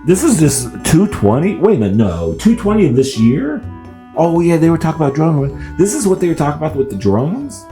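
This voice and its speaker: A man's voice: a little high, brisk, faint music behind. A man hosting a reaction video, chatting casually and laughing, often restarting his sentences. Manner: animated, laughing, stammering restarts.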